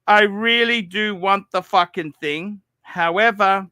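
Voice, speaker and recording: A man's voice: high-pitched, slow pace, smooth, no room sound. Profane rambling man on a livestream. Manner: profane, repetitive, swings between loud and mumbling. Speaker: livestream host.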